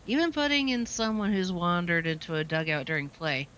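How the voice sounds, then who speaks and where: A woman voicing a stuffy, conservative male baseball coach with a pompous, gruff manner. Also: on the low side, a little fast, fairly bright tone, slight background noise, natural voice, low-quality recording. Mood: blustering.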